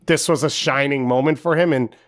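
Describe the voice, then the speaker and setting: A man co-hosting a soccer podcast, giving measured, analytical opinions. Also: mid-range voice, steady tone. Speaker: podcast co-host.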